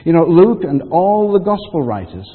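A man preaches a sermon, retelling the story in an easy, chatty way and acting out the voices in it. His voice is slightly husky. It echoes with a long hall reverb through a thin, phone-like line. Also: a little high, big pitch swings, normal speed. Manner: conversational storytelling, acts out quotes.

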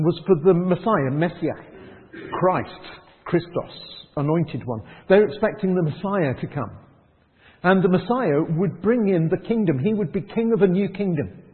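Preacher guy, fairly high voice, tinny phone-ish sound with long church echo. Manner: conversational, rhetorical questions, acts out quoted voices. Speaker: pastor. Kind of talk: sermon. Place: church hall.

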